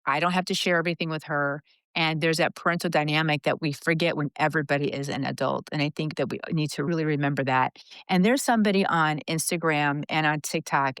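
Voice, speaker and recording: A woman's voice: deep voice, dry recording. A woman in her fifties, a podcast guest, candidly and earnestly telling a personal story. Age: 50s. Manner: earnest, confessional, animated retelling.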